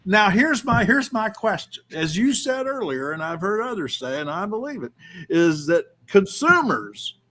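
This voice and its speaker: A man in his sixties hosting a casual interview, chatty and quick to laugh. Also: high-pitched, big pitch swings, pushed and bright. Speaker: host.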